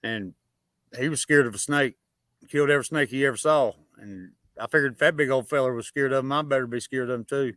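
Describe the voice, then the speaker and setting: A man's voice: medium pitch, quick pace, fairly bright tone, no echo. A man from North Carolina telling folksy, profane stories in a casual podcast chat. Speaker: podcast participant.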